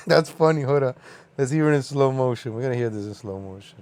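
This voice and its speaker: A man's voice: mid-range voice, expressive, fairly quick, a little mellow, slight background noise. A man hosting a livestream, giving casual reaction commentary. He laughs a lot and swears freely. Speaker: livestream host.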